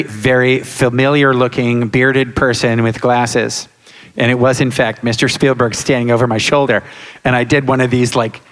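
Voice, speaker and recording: A man in his sixties, a guest on a live convention panel, telling lively anecdotes and acting out quotes and sound effects. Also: mid-range voice. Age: 60s. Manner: animated storyteller, acts out quotes and sound effects. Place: large hall with live audience. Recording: reverberant hall.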